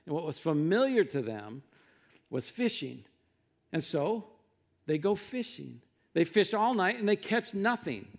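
Animated gravelly male pastor preaching. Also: a little slow. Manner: animated storytelling, acting out quotes with rising pitch and volume. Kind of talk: sermon.

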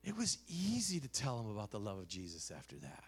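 A man preaching a sermon, telling stories animatedly, dropping to a hush and rising loud again, with many restarts. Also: fairly low pitch, huge pitch swings, brisk, husky, soft background music.

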